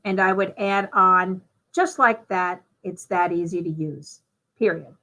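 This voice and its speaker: Bright-voiced woman demoing software. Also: on the low side, unhurried, poor audio. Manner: chatty, step-by-step, with fillers. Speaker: presenter demonstrating software. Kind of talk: live software demo walkthrough.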